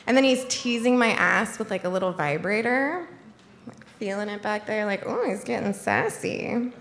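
A woman's voice: mid-range voice, moderate pace, fairly bright tone, slight background noise. A young woman telling a comic personal story to an audience, chatty and full of "like", laughing as she goes. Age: young adult.

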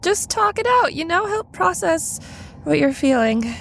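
A woman's voice: extremely high pitch, very animated, unhurried, gravelly, a bit bright, a little hiss or hum. A woman playing a tabletop game, giggly and chatty. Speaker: player. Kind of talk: casual tabletop play.

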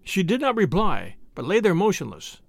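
A man narrating a classic short story as the podcast's reader, in a measured storytelling manner. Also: high-pitched, huge pitch swings, vocal fry, no room sound. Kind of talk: scripted narration.

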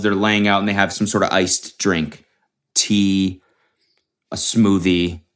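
A young man with a fairly low-pitched voice, hosting his own comedy podcast alone. He rambles in a loose, profane way and keeps restarting his sentences as he riffs. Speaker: podcast host. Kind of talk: solo comedic podcast monologue.

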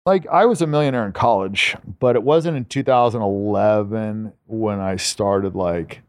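A man's voice: fairly low pitch, normal speed, no room sound. A man telling stories as a podcast guest in a laid-back, profane way, full of filler words. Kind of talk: casual storytelling.

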